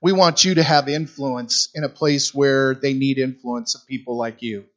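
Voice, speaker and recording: A man's voice: medium pitch, fairly even intonation, normal speed, a bit bright, lo-fi sound. A middle-aged man preaching a sermon in a conversational, storytelling way, repeating phrases for emphasis. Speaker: guest preacher for a youth ministry.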